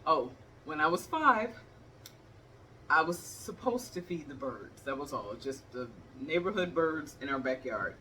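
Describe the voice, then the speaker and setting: A woman's voice: low-pitched, sing-song, unhurried, bright, forceful tone, far from the mic, slight background noise. A woman in her fifties, from the Cleveland area, telling funny stories and acting out the scenes while she talks to the viewer. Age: 50s. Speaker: vlogger. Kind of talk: animated comedic storytelling.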